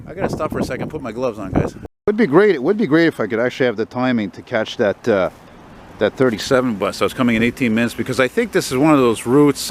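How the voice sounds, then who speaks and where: A man, walking a city street at night and chatting into his camera in a rambling, profane, easily excited way. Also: mid-range voice. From Quebec, Canada. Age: 40s. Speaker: vlogger. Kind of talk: casual walking vlog. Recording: street traffic noise outdoors.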